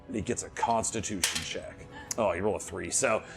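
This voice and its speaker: A man narrating a tabletop game as dungeon master, telling the action in an animated, playful way with laughing asides. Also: lowish voice, fairly quick, vocal fry, over music.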